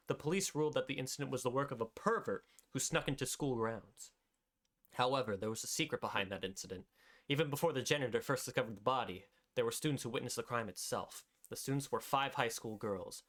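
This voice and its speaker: A man's voice: mid-range voice, fast, a bit bright. A man streaming a game with friends, reading its story text aloud. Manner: stumbles, then reads narration smoothly.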